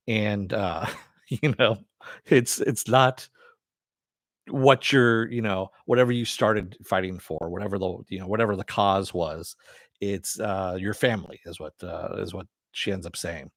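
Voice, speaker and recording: A man's voice: on the low side, moderate pace, no room sound, studio quality. A man hosting a casual live-stream TV review, rambling with many fillers and frequent chuckles. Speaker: show host.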